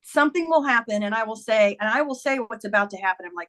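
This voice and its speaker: A woman's voice: medium pitch, quick pace, fairly bright tone. A woman in her fifties, a memoir author interviewed as a guest, telling personal stories earnestly and acting out the lines of others. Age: 50s. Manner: earnest storyteller, acts out quoted dialogue. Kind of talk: candid interview conversation.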